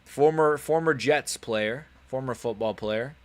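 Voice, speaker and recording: A man's voice: medium pitch, measured pace, no echo. A man hosting a live stream, reacting to fights in a rambling, joking way full of slang.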